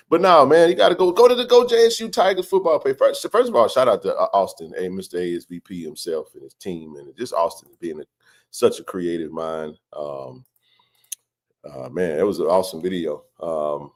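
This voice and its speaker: Lively low-voiced man hosting. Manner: loose and joking, greets the chat by name. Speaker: host of a live sports chat stream. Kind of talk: casual live-stream chat.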